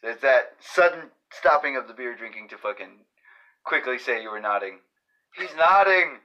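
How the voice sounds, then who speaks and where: A man's voice: mid-range voice, expressive, normal speed, pushed and bright, lo-fi sound. A man with a Boston accent hosting a casual podcast, rambling, self-correcting and swearing often. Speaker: podcast host.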